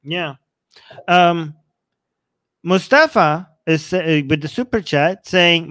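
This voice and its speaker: A man's voice: fairly high pitch, animated, slow, a bit bright, no echo. A man hosting a casual talk show, reading viewer comments and questioning claims with hedging asides. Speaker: host.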